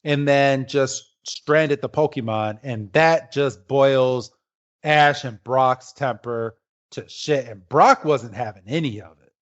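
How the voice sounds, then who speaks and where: A man co-hosting a podcast in casual chat, retelling the plot with halting fillers. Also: mid-range voice, muffled recording. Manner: rambling, halting, with many fillers. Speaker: podcast co-host.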